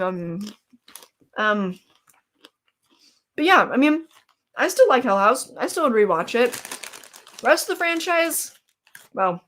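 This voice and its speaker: Munching snacks while she talks, a woman casually live streams about horror movies, chatty and rambling as she reacts to chat with fillers and laughs. Her voice is mid-range with a fairly bright tone.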